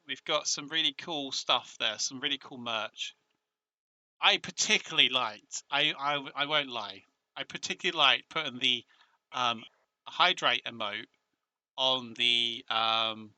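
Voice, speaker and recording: A man with a British accent chatting casually on a live stream, excitable and emotional, often restarting his sentences. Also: mid-range voice, a little slow, pauses often, dry recording.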